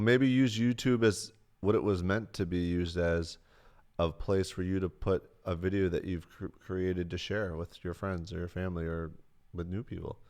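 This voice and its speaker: A man on a livestream answering chat questions in a loose, rambling way, swearing freely, close to his mic. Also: low voice. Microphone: close desk mic.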